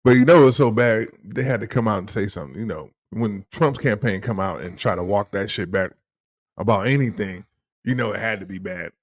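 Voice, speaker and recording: A man hosting a casual political chat with his father, talking in an animated, rambling and profane way. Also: fairly low pitch, a little fast. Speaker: host, son.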